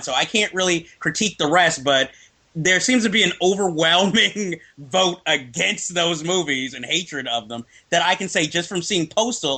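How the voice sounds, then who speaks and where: A guest film reviewer chats casually about movies, full of opinions and laughing often. His voice is a little high, with a pushed, bright quality.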